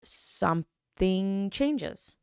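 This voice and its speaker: A woman in her thirties hosting a podcast, telling a personal story in a chatty, animated way with many fillers and self-corrections. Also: medium pitch, drawn-out words, creaky, clean tone, no echo, studio quality. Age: 30s. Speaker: podcast host. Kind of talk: casual storytelling.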